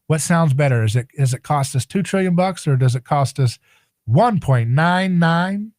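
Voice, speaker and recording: A man's voice: mid-range voice, a little fast, darkish tone, no room sound. A man hosting a talk radio show, delivering an opinionated monologue with sarcastic, rhetorical asides.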